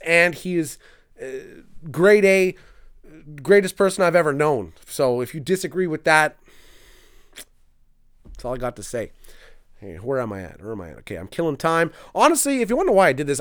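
A young man from Canada hosts a casual live-stream podcast and riffs on viewer comments with crude, self-mocking jokes. His voice is smooth and fairly high. He sounds loose and unscripted. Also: a bit bright. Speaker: podcast host.

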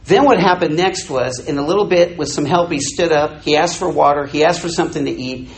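This rough, roomy recording captures an older missionary preaching with a slightly high voice at a slightly quick pace. He's animated as he tells a story to his congregation, acting out the characters' lines and joking with the listeners.

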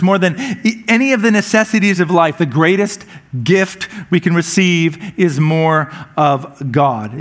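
Male pastor with a high voice, relaxed and joking sermon delivery, frequent word repeats. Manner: conversational and humorous, with repeated words when restarting.

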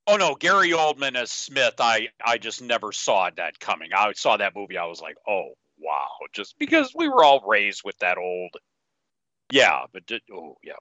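Bright playful man chiming in. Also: on the low side, wildly swooping pitch, no room sound. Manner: quick interjections, playful. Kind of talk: casual podcast chat. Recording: dull lo-fi dry recording.

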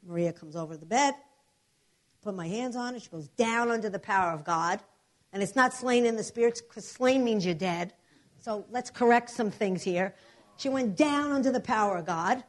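A woman preacher telling a testimony in an animated storytelling manner, acting out the other voices. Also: mid-range voice, moderate pace. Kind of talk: sermon testimony.

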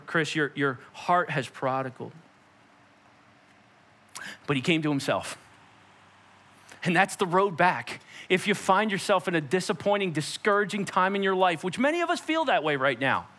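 A young adult man preaching a sermon as a pastor, telling stories and acting out quotes with lively shifts in voice. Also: high voice, normal speed. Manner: animated storytelling preacher, acts out quotes.

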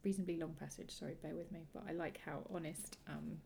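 A woman co-hosting a relaxed book chat, her voice low and gravelly with a dark, mellow tone. She talks casually and laughs easily, with a faint hiss in the background. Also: quick pace. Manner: reads passages aloud with playful accents, laughs readily. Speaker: podcast co-host.

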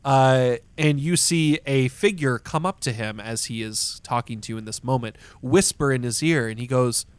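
A man narrating as game master of a tabletop role-playing game, describing scenes at length with many fillers and pauses. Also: mid-range voice, clear, resonant tone, no room sound.

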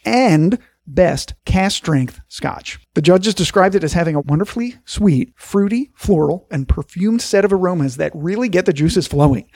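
A man co-hosting a podcast, with a gravelly, husky voice pitched a little high. He reads facts from his notes and throws in wisecracks. The sound is close and dry. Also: expressive, moderate pace, darkish tone, no room sound. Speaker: podcast co-host. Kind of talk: casual chat with read-out notes.

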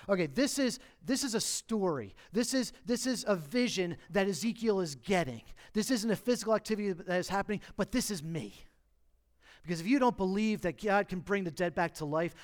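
A man delivers a sermon in a fairly high voice, with animated storytelling. He acts out the quotes in the stories, swinging from loud, bright bursts down to hushed, slow lines. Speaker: pastor.

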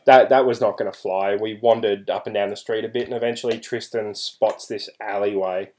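A man's voice: on the low side, steady tone, a little fast, a little mellow. A man with an Australian accent telling a crude, joking story in casual podcast chat. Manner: joking, crude, puts on voices in anecdotes.

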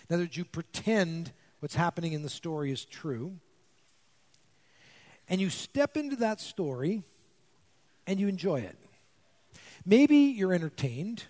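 Guy lecturing a class, swoopy lively voice, tells stories n acts them out. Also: high-pitched. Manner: animated storyteller, acts out quotes.

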